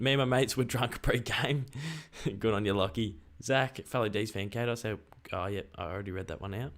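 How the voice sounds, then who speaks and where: A young Australian man chatting excitedly on a live stream and reading out viewer messages. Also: mid-range voice. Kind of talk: casual live stream chat.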